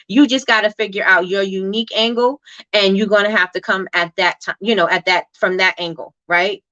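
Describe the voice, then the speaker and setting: Woman host, casual motivational chat, bright and chatty, dry close sound. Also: medium pitch, dry recording, highs cut off. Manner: chatty, reads comments aloud, many fillers and "right?".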